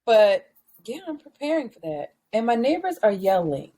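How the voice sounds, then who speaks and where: A woman co-hosting a podcast, telling stories in a casual, slangy, animated way with frequent laughter. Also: fairly high pitch, normal speed. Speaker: podcast co-host. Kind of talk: casual chat, storytelling.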